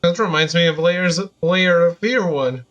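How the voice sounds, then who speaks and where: A male streamer chats through a game in a relaxed, unhurried way. He laughs often and hams it up, and his voice sits a bit high. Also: muffled recording. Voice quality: playful, laughs often, hams up reading foreign text aloud. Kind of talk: casual gameplay commentary.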